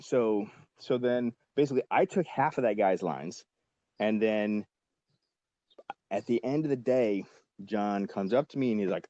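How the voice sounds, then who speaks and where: A man in his forties with a lowish, mellow voice tells a story as a podcast guest. He rambles through it with plenty of fillers and casual swearing. The sound is dry and slightly dull, like a lo-fi podcast. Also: lively intonation, moderate pace, no echo.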